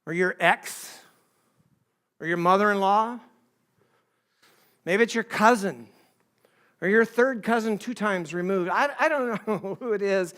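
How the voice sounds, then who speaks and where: A middle-aged male pastor giving a conversational sermon, acting out quoted voices and swinging between soft and emphatic delivery. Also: sits high.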